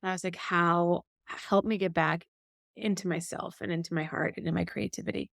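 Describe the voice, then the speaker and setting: With a fairly low, vocal-fried voice and a slightly fast pace, a podcast co-host tells a personal story in casual chat, animatedly acting out what she said back then. The sound is clean studio audio without room sound.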